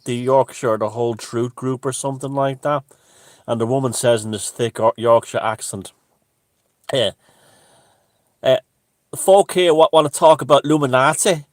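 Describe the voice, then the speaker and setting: A man hosting a casual live stream from a room at home, greeting viewers and chatting in a relaxed way. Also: medium pitch, no echo. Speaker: livestream host. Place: room at home with the window open.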